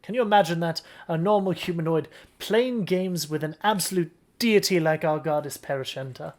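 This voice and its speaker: A game master narrating a tabletop game in a relaxed storytelling manner. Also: medium pitch, normal speed. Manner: relaxed storytelling, with occasional restarts.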